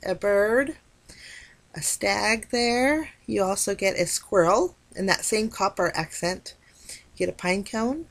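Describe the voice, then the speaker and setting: A woman hosting a crafting video, chatting enthusiastically as she walks through a card kit. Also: mid-range voice. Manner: chatty, enthusiastic, frequent "super pretty". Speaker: crafting channel host. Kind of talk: casual product walkthrough.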